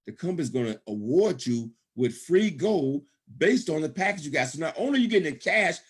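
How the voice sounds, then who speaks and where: A slightly high male voice with big pitch swings and a breathy edge, moving a little fast. The middle-aged speaker is selling a business opportunity on a conference call, hammering points home repetitively and tossing in "okay?" again and again.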